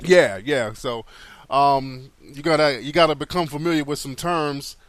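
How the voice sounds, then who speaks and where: A man hosting a call-in radio show, talking casually and giving drawn-out advice with many pauses and ums. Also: on the high side, no room sound. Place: studio.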